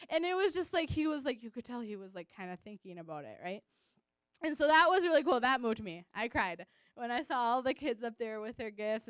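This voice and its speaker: A woman's voice: fairly high pitch, clean tone, no room sound. A young adult woman, a missionary teacher, giving a casual personal testimony in a chatty way, full of "like", laughing often and acting out what she said at the time. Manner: chatty, frequent "like", laughs often, acts out her own past remarks.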